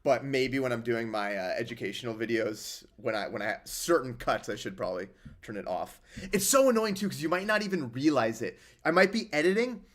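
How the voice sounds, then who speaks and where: A man's voice: medium pitch, sing-song, fairly quick, fairly bright tone. Young man chatting casually on livestream. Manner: rambling, sarcastic, reading chat aloud. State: injured hand. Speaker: livestream host.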